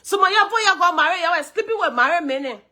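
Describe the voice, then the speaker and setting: A woman with a Liberian English accent, hoarse from a cold, hosting a live stream, greeting viewers and repeating her points emphatically. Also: extremely high pitch, animated, rapid-fire, sharp tone.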